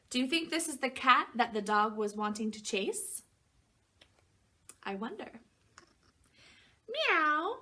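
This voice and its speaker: Slow, high-voiced preschool teacher at storytime. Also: female voice. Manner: gentle questioning, pauses for the children to answer; acts out animal noises in a raised voice. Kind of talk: picture-book storytime reading for young children.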